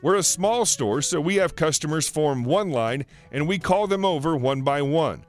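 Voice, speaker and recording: Male storyteller with a fairly high voice, steady reading pace, light music bed behind. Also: moderate pace. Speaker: narrator. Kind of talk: reading online stories aloud.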